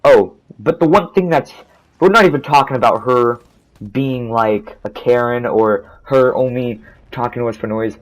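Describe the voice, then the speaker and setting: Through a low-quality recording, a young man vlogs a storytime, his mid-range voice moving at a moderate pace. It's a profane, rambling, angry rant with nonstop swearing and frequent restarts.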